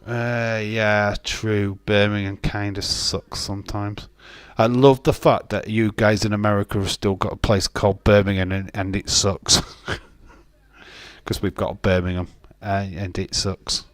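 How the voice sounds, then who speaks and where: A man's voice: on the low side, level tone, measured pace, dry recording. A man casually commentating a wrestling watch-along, rambling, joking and reading out chat messages. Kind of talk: casual live-stream commentary.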